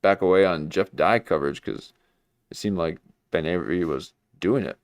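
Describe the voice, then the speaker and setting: A deep-voiced man hosts a casual livestream, rambling and mocking himself as he talks. His voice sits close and dry, with no room sound around it. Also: normal speed, no room sound. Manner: rambling, self-mocking, jumps into mock voices. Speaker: livestream host.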